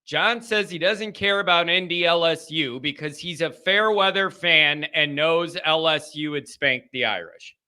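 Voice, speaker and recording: A man's voice: a little high, unhurried, few pauses, pushed and bright, clear, resonant tone. A man hosting a live fan call-in show, venting his frustration and firing rhetorical questions at the chat.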